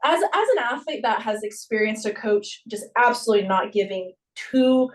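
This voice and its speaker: A young adult woman, a gymnastics coach, talking in a casual conversation and acting out her stories with lively voices. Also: fairly high pitch, normal speed, distant mic, poor audio. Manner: animated storyteller who acts out her own and children's voices. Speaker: gymnastics coach and podcast guest.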